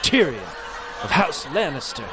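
A man's voice: fairly high pitch, very animated, a little slow, crowd noise, noisy background. A man putting on a posh, crude little nobleman. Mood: theatrical. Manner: fake posh English accent, theatrical. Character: bitter small nobleman, crude and theatrical.

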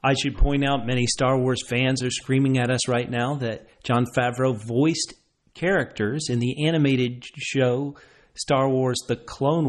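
A man hosts a podcast in easy, conversational chat. He is enthusiastic and laughs often as he talks. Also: medium pitch. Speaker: podcast host.

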